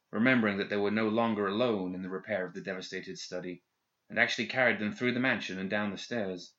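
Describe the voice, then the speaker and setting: A man giving measured, scripted narration of a fantasy audiobook. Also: on the low side, a bit bright. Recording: dull lo-fi recording.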